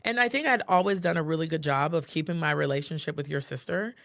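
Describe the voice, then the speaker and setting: A woman's voice: deep voice, fast, vocal fry, no echo. A woman co-hosting a podcast, telling personal stories in a chatty, heartfelt way, full of "like" and "you know". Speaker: podcast co-host. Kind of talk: casual podcast chat.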